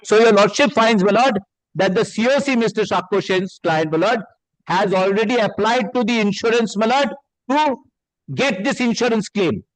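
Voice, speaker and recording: A man's voice: sits high, moderate pace, dry recording, poor audio. A man with arguing as an advocate in a courtroom, deferentially reading documents aloud to the bench. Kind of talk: courtroom argument.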